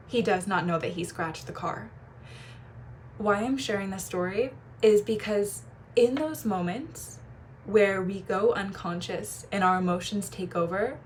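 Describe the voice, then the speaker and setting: A young adult woman, a feminine energy coach, giving casual advice and telling personal stories in an animated way, changing her voice when she quotes people. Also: mid-range voice, slight background noise. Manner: animated storyteller, shifts voice when quoting people.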